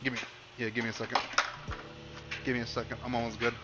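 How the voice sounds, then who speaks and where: A man's voice: medium pitch, little pitch movement, quick pace, heavy background noise. A young man streaming a game, chatting casually in a rambling, profane way, full of stop-start restarts.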